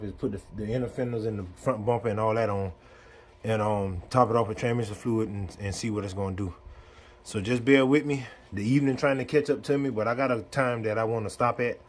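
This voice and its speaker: A man's voice: mid-range voice, darkish tone, a little hiss or hum. A man, talking viewers through a car repair step by step in a casual, easygoing way while working in a garage. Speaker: DIY mechanic. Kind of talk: casual how-to narration.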